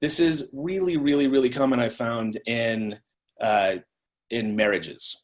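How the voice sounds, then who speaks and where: A man's voice: mid-range voice, steady tone, measured pace. A man giving a live online training talk in a conversational way, often repeating words as he restarts.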